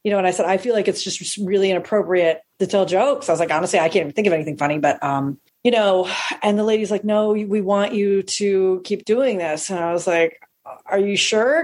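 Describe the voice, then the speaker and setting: A woman comedian telling a long profane anecdote, animated and acting out the people she quotes. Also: mid-range voice, slightly rough. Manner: animated, acts out quoted voices, swears freely. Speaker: stand-up comedian.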